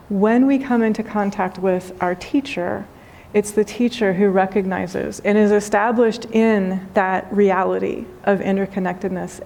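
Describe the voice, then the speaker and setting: A middle-aged woman speaks as a spiritual teacher, gentle and unhurried, with soft emphasis and warm storytelling. Her voice sits in a middle pitch for a woman. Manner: gentle, unhurried, softly emphatic, with light laughs. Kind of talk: spoken dharma talk with storytelling.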